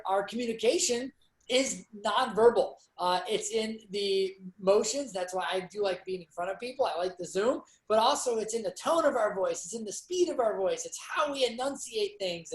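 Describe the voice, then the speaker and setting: Speaking at a normal speed in a reverberant room, this man has a high-pitched voice. He hosts a sales training session as the sales manager, and his casual motivational video-call talk is chatty, upbeat, rambling and loaded with fillers.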